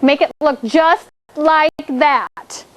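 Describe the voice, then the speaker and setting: High-voiced teacher woman coaching a class. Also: drawn-out words. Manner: encouraging, checks in with "okay?" often. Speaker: elementary school teacher. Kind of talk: classroom spelling lesson.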